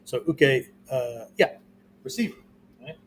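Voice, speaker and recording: A male martial arts instructor teaches at a whiteboard in an expressive, medium-pitched voice, a little slow, with slight background noise. His explaining is loose and conversational, full of fillers, and he checks in with "okay?" or "right?" after nearly every phrase.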